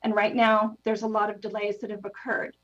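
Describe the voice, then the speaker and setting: A woman giving public comment at a council meeting, out of breath, talking in a hurried and apologetic way with lots of fillers. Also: mid-range voice, completely flat delivery, a bit bright, dull audio.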